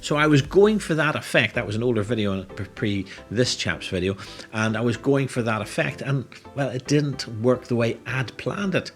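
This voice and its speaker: A man's voice: medium pitch, moderate pace, over music. A middle-aged man, a hypnotist, talking through a tutorial in a casual, explanatory way. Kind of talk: tutorial commentary.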